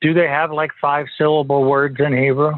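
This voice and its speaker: A man's voice: on the high side, little pitch movement, normal speed, no room sound. A man joins the lesson as a student and asks curious questions in a casual, joking way. His voice comes through a thin, phone-like line and sounds dry. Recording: tinny phone-like call audio.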